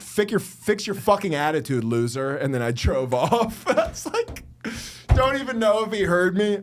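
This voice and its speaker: Swearing, animated young man on a podcast. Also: fairly high pitch. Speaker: podcast co-host. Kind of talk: casual chat.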